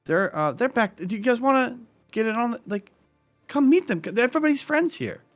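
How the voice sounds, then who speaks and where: A man's voice: very high-pitched, sing-song, brisk, faint music behind, full character voice. A man playing a shy, eager Firbolg acolyte. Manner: shy, hesitant, earnest. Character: tall shy male Firbolg acolyte, eager to make friends.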